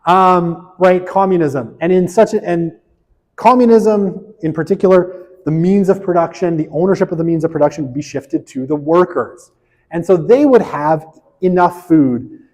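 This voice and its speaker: A man's voice: high voice, normal speed, darkish tone. Chatty male lecturer in an echoing hall. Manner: chatty, frequent "right?" tag questions, self-deprecating asides. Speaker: sociology lecturer. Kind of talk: casual university lecture.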